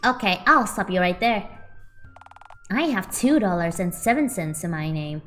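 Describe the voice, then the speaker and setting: A woman's voice: lowish voice, lively intonation, normal speed, fairly bright tone, soft background music. A woman voicing a cheeky, sarcastic young schoolboy. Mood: mocking. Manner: sarcastic, mocking.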